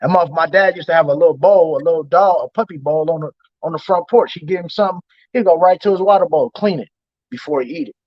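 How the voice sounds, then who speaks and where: A man hosting a casual chat and telling animated, slang-heavy stories, acting out the people he quotes. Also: on the high side, fast, dry recording. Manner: animated storytelling, slangy and profane, acts out quoted voices. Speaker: host. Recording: dull, lo-fi stream audio.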